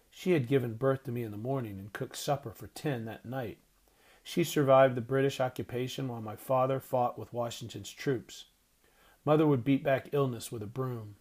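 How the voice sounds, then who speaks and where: A male narrator reading a novel aloud in a measured, expressive way. His voice sits at a middle pitch, neither deep nor high. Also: slightly rough. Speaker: audiobook narrator. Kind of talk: scripted narration.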